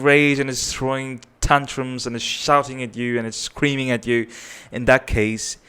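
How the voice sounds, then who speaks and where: A man's voice: mid-range voice, level tone, normal speed, fairly bright tone, clear, resonant tone. A man giving earnest parenting advice, often checking in with "right?". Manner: earnest, repetitive, tags points with "right?". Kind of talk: advice talk to camera.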